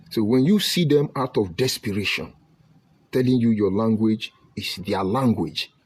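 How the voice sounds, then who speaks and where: A Nigerian man from Delta State giving an impassioned online broadcast, preaching emphatically and swinging between loud outbursts and low murmurs. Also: breathy edge. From Nigeria (Delta State, Ika). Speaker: online commentator.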